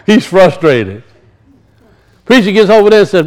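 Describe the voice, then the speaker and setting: A man preaching a sermon and telling stories, swinging from loud high peaks to low muttered asides. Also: very animated, fairly quick, low-quality recording. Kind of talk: sermon with storytelling.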